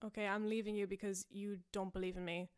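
A woman's voice: mid-range voice, little pitch movement, quick pace, clean tone, close to an everyday voice. A woman playing a heartbroken wife who turns on her husband with indignant, accusing lines. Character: heartbroken wife, failed sock puppet maker.

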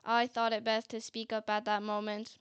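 A woman's voice: a little high, completely flat delivery, normal speed, clear, resonant tone, no echo. A woman narrating a story in a chatty manner, with sarcastic asides. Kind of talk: scripted narration. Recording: faint music bed.

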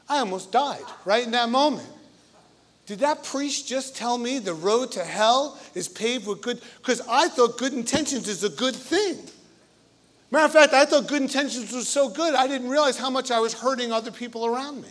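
A middle-aged priest preaching a sermon, telling stories with animated swings from loud emphasis down to a near murmur. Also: male voice, very high voice, moderate pace.

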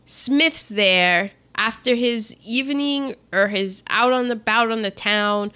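Bright chatty woman going over a movie plot, laughs a lot. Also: on the high side, takes it slowly, smooth. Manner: chatty, laughs often, acts out the characters' lines. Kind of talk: casual chat recapping a film.

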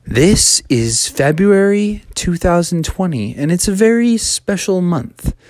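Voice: medium pitch, slow pace, no room sound. Chill kids podcast storyteller, rambly, lots of ums, dry close sound. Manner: relaxed, rambling, fillers. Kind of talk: storytelling for children.

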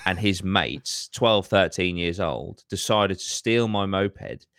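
A podcast host with a low, slow, fairly bright voice tells a story in casual chat, swearing heavily and ranting with animation. His tone is clear and resonant, recorded in studio quality with no echo.

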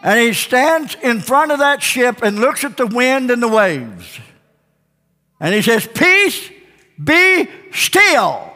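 A man preaching with fervor, his voice pitched very high and ringing bright. He swings between booming declarations and hushed asides, heard in a long reverberant church hall. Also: big pitch swings, a little slow. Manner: impassioned preaching with swings between loud and quiet delivery. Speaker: pastor. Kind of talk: sermon.

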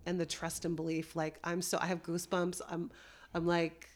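A woman's voice: lowish voice, completely flat delivery, moderate pace. A woman hosting a podcast, speaking in an encouraging, heartfelt and earnest way. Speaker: podcast host. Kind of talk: interview conversation.

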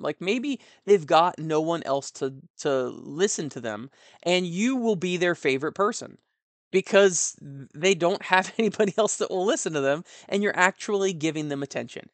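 A young man talks in a loose, rambling monologue, frank and a little animated as he drifts into asides. His voice sits a bit high for a man, and the sound is dry and close with no room around it. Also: dry recording. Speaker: tabletop gaming commentator. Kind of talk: casual monologue.

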